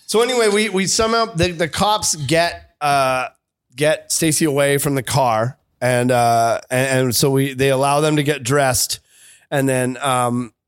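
A man's voice: mid-range voice, measured pace, clear, resonant tone. A man in his late thirties telling a long anecdote in casual chat, rambling and self-interrupting, often laughing through his punchlines. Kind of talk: casual storytelling.

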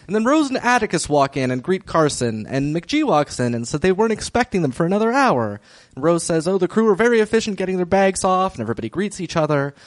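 Male podcast co-host, animated pitch, dry close sound, wry recap delivery. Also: quick pace, no echo. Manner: wry, laughs often, summarizes plot. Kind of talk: casual recap chat.

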